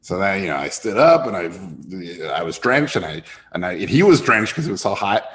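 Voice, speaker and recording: A man, a filmmaker guest telling an animated anecdote and jumping high in pitch when he quotes others. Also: normal speed. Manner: lively storyteller, jumps high when quoting others.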